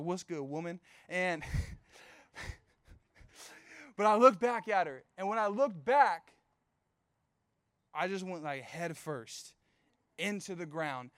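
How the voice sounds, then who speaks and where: A man's voice: sits high, clear, resonant tone, no room sound. A young man preaching as a youth pastor, casual and storytelling, with playful asides. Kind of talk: youth sermon.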